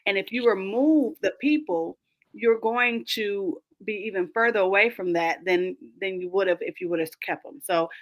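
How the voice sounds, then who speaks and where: A woman coach speaking emphatically as a roundtable guest, animated and often laughing as she makes her points. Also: medium pitch, normal speed. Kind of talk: roundtable conversation.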